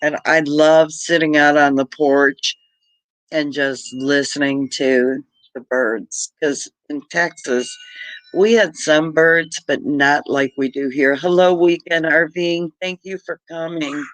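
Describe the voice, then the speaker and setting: A man's voice: a little high, steady tone, takes it slowly, a bit bright, dry recording, poor audio. A middle-aged man from Britain hosting a casual livestream, chatty and laughing often as he greets viewers by name. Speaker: homestead livestream host.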